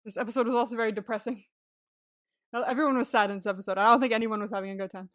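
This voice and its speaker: Expressive woman laughing through a dry recap. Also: a little high, racing, no room sound. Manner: expressive, laughs often, emphatic exclamations. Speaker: podcast co-host. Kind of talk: casual recap chat.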